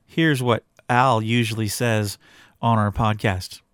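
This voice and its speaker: A man's voice: fairly low pitch, steady tone, slow, fairly bright tone, a little hiss or hum. A middle-aged man co-hosting a casual home podcast, talking in a rambling, easygoing way with frequent restarts. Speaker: podcast co-host.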